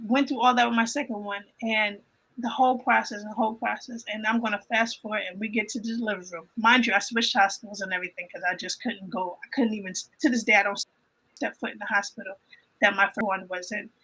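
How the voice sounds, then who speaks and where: Bright-voiced woman sharing an emotional testimony. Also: mid-range voice, quick pace, breathy edge, rough recording. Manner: emotional, repeats phrases, animated storytelling. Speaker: guest on a livestream panel. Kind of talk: personal faith testimony in casual chat.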